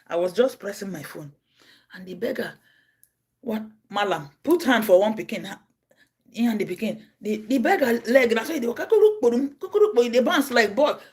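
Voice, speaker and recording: A Nigerian woman telling stories on her livestream. She acts out the people in them, jumping from a low murmur to high cries and shouts. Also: lively intonation, normal speed, slightly rough. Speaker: livestream host. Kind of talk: casual storytelling.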